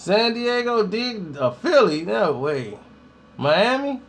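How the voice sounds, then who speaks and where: A man's voice: high-pitched, sing-song, takes it slowly, slight background noise. A man ranting casually to the camera with slangy talk, telling funny stories and laughing often. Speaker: vlogger. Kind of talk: casual comedic rant to camera.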